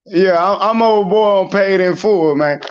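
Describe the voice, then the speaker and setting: A man's voice: high voice, measured pace, smooth, muffled recording. A man telling funny stories in casual chat, acting out quotes and laughing. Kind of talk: casual chat on a live stream.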